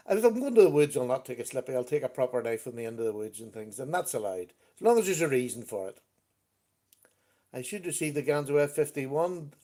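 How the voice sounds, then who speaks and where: A chatty man hosting a relaxed live stream, with a voice pitched a little high for a man. He talks easily and greets viewers by name between his thoughts. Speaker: livestream host. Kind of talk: casual live-stream chat.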